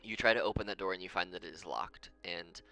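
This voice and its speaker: Deep creaky man running a tabletop game. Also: fast talker, pushed and bright. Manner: rambling, thinks aloud, counts moves under his breath. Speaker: game master.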